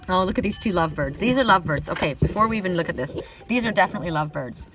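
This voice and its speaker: A woman's voice: lowish voice, expressive, very fast, far from the mic, music in the background, low-quality recording. A middle-aged woman giving a casual oracle card reading, chatty, often laughing, whooping and swearing.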